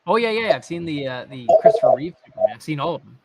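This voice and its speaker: A man's voice: on the high side, animated, rapid-fire, a crowd in the background. A man guest in a casual chat, agreeable and hesitant, often stammering.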